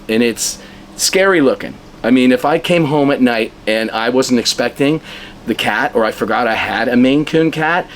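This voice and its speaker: Animated male musician telling a story. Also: medium pitch, a little hiss or hum. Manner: animated storyteller, acts out dialogue, chuckles while telling. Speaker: local musician being interviewed. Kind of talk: casual anecdote telling.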